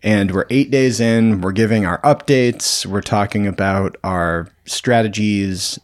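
A man co-hosting a podcast in relaxed casual chat, laughing often. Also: on the low side, unhurried, dry recording, studio quality. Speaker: podcast co-host.

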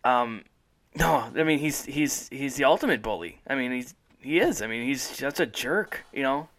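A man's voice: medium pitch, lively intonation, normal speed, a bit bright. A man hosting a casual podcast chat, rambling enthusiastically and laughing often. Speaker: podcast host.

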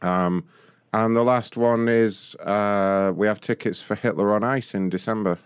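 Deep-voiced mocking prank caller man. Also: fairly even intonation, measured pace, clear, resonant tone, no room sound. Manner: mocking, profane, laughs often. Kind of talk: prank phone call.

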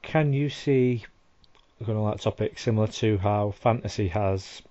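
Low, mellow-voiced podcast host. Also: male voice, unhurried, no room sound. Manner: conversational, asks leading questions. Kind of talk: casual interview. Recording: dull, dry lo-fi audio.

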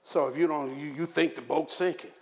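A man's voice: fairly high pitch, fairly quick, vocal fry. A male pastor preaching a sermon, mixing humorous personal stories with repeated, emphatic points. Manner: animated storytelling, humorous asides, repetitive emphasis.

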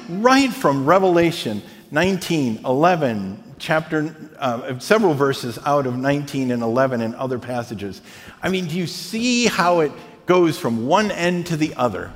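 A man preaching a sermon as pastor, animated, often checking in with the congregation by asking "right?". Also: fairly high pitch, moderate pace, in a large hall.

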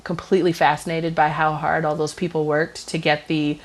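A woman co-hosting a radio talk show, chatting casually with many fillers and quick asides. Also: sits low, level tone. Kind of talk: casual chat.

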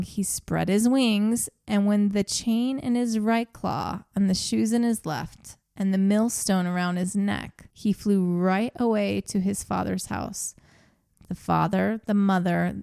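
This is a woman reading an old fairy tale aloud on a podcast, slipping into small voices for the characters. Her voice is low in brightness and mellow, with a gravelly fry. The sound is close and dry, with no room around it. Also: unhurried, no room sound. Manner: reads the story aloud with brief acted quotes and frequent laughter. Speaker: podcast co-host.

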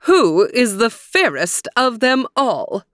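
A woman voicing a vain, furious evil queen who speaks in a shrill, demanding way. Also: very animated, slow pace, a bit bright, dry recording, clean studio sound, exaggerated voice.

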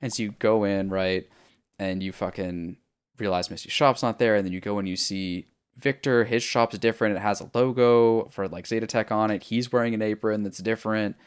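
A man's voice: lowish voice, steady tone, a little fast, clear, resonant tone. A man co-hosting a podcast, retelling a video game story in a rambling, profane way with lots of fillers. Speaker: podcast co-host. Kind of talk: casual chat about a video game.

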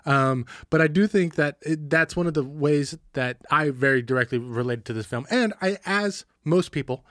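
A man co-hosting a relaxed movie-talk podcast, his voice sitting a little higher than most. He rambles through his thoughts, swears casually and laughs easily. The sound is dry and close, with no room around it. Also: normal speed, dry recording. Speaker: podcast co-host. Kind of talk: casual film discussion podcast.

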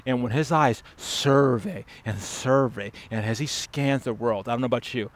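A man preaching a sermon as pastor, emphatic and urgent, dropping to hushed stress on key words. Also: medium pitch, normal speed, hardly any pauses. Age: adult father.

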